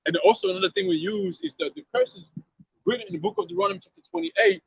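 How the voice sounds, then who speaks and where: A man's voice: very high voice, huge pitch swings, quick pace, creaky, a bit bright, muffled recording. A man street preaching outdoors to a passer-by, emphatic and slangy, often repeating himself and asking if you see what he means.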